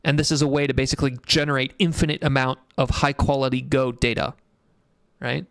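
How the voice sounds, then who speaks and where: A man's voice: medium pitch, flat delivery, fairly quick, gravelly, fairly bright tone, clean tone, dry recording, studio quality. A man hosting a casual tech livestream, rambling in a blunt, profane way and reading chat comments aloud. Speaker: livestream host.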